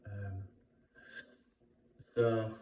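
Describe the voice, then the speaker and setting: A British man talking through an emotional personal experience in a vlog, halting and repeating himself with many fillers. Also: on the low side, flat delivery, a little mellow. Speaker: vlogger. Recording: roomy sound, far from the mic.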